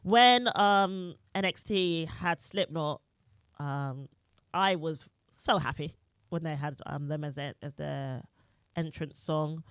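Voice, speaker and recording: A woman's voice: sits low, slow, fairly bright tone, smooth, dry recording, clean studio sound. A woman co-hosting a chat podcast, chatty and giggly as she asks the guest questions. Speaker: podcast co-host.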